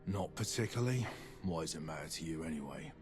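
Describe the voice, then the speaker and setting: A prickly ghoul gun merchant speaks with a British accent in a very deep register. His replies are short and guarded. Game music plays steadily behind his lines. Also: animated, fast talker. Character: curt, prickly ghoul ammo merchant, a grown man. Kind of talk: video game dialogue.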